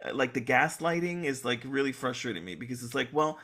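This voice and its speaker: A man's voice: medium pitch, fairly quick. A man guest co-hosting a podcast, chatting casually and rambling animatedly about a soap opera. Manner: animated, rambling, restarts and laughs. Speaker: guest co-host.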